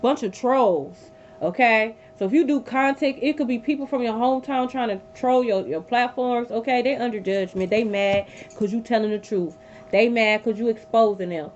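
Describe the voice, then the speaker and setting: Woman tarot reader on a livestream, higher voice, emphatic and profane, slightly muffled phone audio. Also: normal speed, a little mellow. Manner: blunt, profane, emphatic repetition. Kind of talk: live tarot reading. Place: sitting on a bed at home. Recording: dull lo-fi audio with faint hum.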